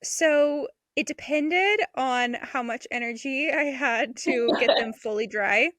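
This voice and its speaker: A young adult woman talks gardening in a casual podcast chat, bubbly and eager. Her voice is fairly high and crisp, with a bright, forward edge. The sound is close and dry, with no room around it. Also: slow pace, dry recording. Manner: chatty and enthusiastic, laughs between thoughts. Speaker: podcast co-host and homesteader.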